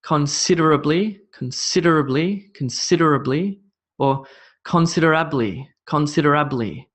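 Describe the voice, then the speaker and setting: A man's voice: medium pitch, fairly bright tone. A man teaching English pronunciation, repeating words with shifting stress and laughing off his own slips. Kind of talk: spoken English lesson.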